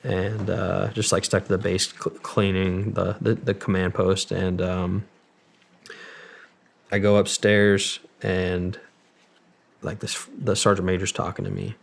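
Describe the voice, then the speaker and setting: A man's voice: deep voice, flat delivery, measured pace, vocal fry. A man as an interview guest, casually retelling events with many quoted exchanges and frequent cursing. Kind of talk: casual storytelling.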